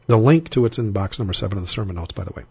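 A man with a husky, breathy edge delivers a recorded sermon on Bible prophecy. He talks in a casual, conversational way but slows down to lean on the verses he reads. The recording is dry and close, with a dull, slightly lo-fi tone. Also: on the low side, dark tone, no room sound. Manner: conversational, slows to stress scripture readings.

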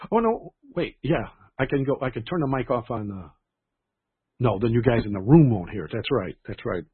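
A man's voice: medium pitch, expressive, normal speed, pauses often, slightly rough, no room sound. A man hosting a church livestream in a casual, rambling way, often restarting his sentences. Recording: tinny phone-like sound.

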